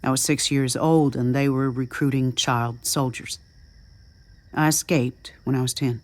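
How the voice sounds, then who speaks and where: A woman voicing a quiet young ex-soldier man. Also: rumbling low, steady tone, measured pace, no room sound, pitched below the performer's own voice. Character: young adventurous man, soldier's past, upbeat.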